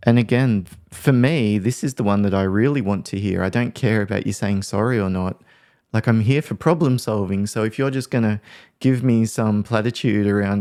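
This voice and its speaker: A man's voice: on the low side, normal speed, mellow. A man working as a workplace mediator, giving a casual lesson, thinking aloud and acting out example phrases.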